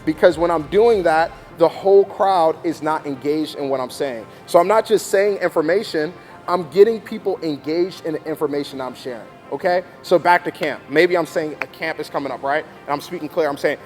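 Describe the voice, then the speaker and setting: Brief: male youth leader with a high, bright voice, coaching hosts, emphatic delivery, faint music underneath. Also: brisk. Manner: animated, emphatic, demonstrates with mock announcements; checks in with frequent "okay?". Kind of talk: training talk to volunteers.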